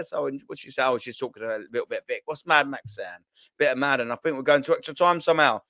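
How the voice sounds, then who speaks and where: A man's voice: medium pitch, fast, pushed and bright, dry recording. A man hosting a casual football chat on a video call, joking, swearing and repeating himself. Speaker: host.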